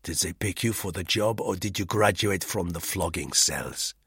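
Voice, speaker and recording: A man's voice: sits low, moderate pace, breathy edge, dry recording, clean studio sound, exaggerated voice. A man reading the part of a cold, sardonic, menacing middle-aged spy in an audiobook, with an icy, contemptuous manner. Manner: icy and acid, softly contemptuous.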